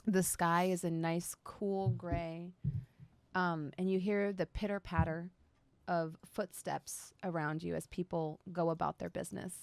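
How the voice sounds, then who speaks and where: A woman, the dungeon master, who laughs a lot in chat and narrates the scene calmly. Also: on the low side, unhurried, creaky, no room sound. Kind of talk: narrating a tabletop game.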